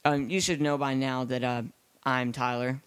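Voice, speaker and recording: A man's voice: mid-range voice, level tone, moderate pace, fairly bright tone, clean tone, no echo. Dude cohosting a gaming podcast with metal in his mouth, lots of ums, dry room. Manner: rambling, many ums and uhs. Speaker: podcast co-host. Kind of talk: casual gaming podcast chat.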